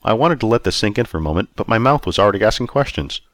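A man's voice: lowish voice, animated, racing, fairly bright tone, dry recording. A man narrating a first-person story aloud in a wry, self-mocking way. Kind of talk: audiobook reading.

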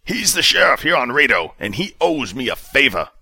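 Bright forceful voice, a man as a harsh impatient sheriff, clipped orders, dry sound. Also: mid-range voice, sing-song, moderate pace, husky, no echo, voice pushed up, exaggerated voice. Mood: commanding. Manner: clipped commands, domineering.

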